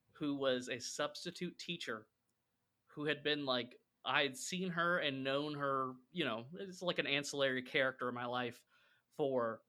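Bright-voiced chatty male co-host. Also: medium pitch. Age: 30s. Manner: storytelling, chatty and wry. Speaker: podcast co-host. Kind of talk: casual chat.

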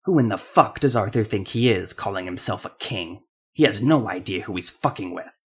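An enraged male warrior with a low voice, loud and foul-mouthed, storming through every sentence. He curses at everyone around him and never drops his anger, voiced by a man reading a fantasy audiobook. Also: lively intonation, moderate pace, slightly rough, heavily acted. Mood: furious.

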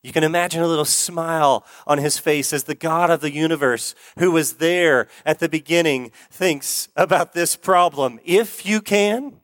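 A male pastor delivers a sermon earnestly, repeating key phrases and slowing down to stress them. His voice sits somewhat high. The recording is dry and close, with no room echo. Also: fairly even intonation, fairly bright tone.

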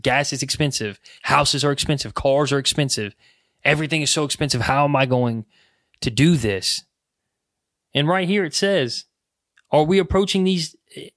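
A man preaching a podcast sermon, earnest and pleading, rising loud on key phrases. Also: on the high side, dry recording, studio quality.

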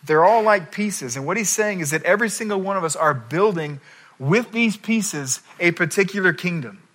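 Male pastor, middle-aged, bright forceful tone, slightly high voice, animated sermon delivery. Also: moderate pace. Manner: animated storytelling, acts out quoted voices.

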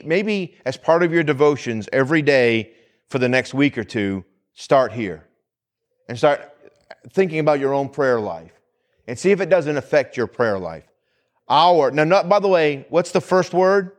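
A man, a pastor, giving a conversational sermon that repeats phrases and asks the congregation questions. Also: medium pitch.

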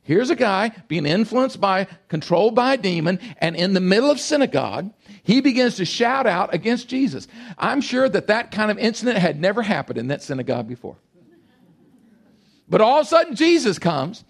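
Older guy preaching, gravelly voice, pretty high for a man, all over the place emphatic. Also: brisk. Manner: animated, emphatic, swings between loud bursts and quiet asides. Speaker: pastor. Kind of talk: sermon.

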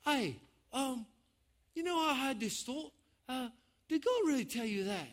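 A man voicing a smooth, overly courteous male serpent who coaxes gently. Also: extremely high pitch, animated, measured pace, voice pushed up. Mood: coaxing. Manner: courteous, hesitant, coaxing.

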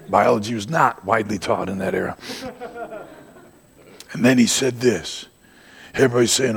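An older man preaching a sermon. He climbs to shouted peaks and then drops to quiet asides. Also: on the low side, moderate pace, creaky, pauses often, husky.

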